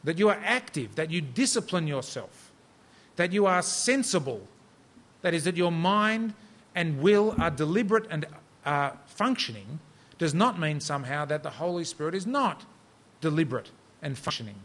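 A middle-aged man from Australia delivers a sermon with a slightly raised pitch. He talks in an easy, conversational way, mixing self-deprecating stories into his preaching. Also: lively intonation, normal speed, a bit bright.

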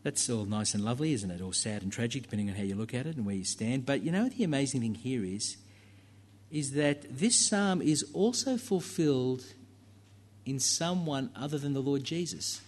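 A man's voice: mid-range voice, lively intonation, moderate pace, darkish tone. A man preaching a sermon in a church, talking conversationally with fillers and asides to the congregation.

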